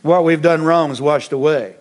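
A middle-aged man preaching a sermon as pastor, animated, with many repetitions and restarts. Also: fairly high pitch, normal speed.

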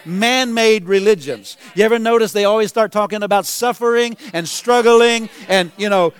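Emphatic high-voiced preaching man. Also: normal speed, few pauses, clear, resonant tone. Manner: preaching with rising emphatic exclamations. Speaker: pastor. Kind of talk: sermon.

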